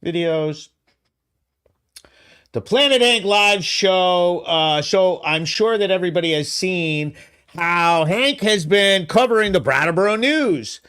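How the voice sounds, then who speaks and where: High-pitched excitable male show host. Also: takes it slowly, clean tone. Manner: excitable, laughing, swearing, loud. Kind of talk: solo live show commentary. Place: studio.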